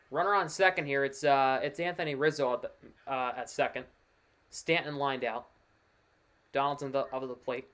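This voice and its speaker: A man streaming casual live play-by-play commentary of a baseball game, chatty and excitable over big plays, with offhand asides. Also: mid-range voice, normal speed, long pauses.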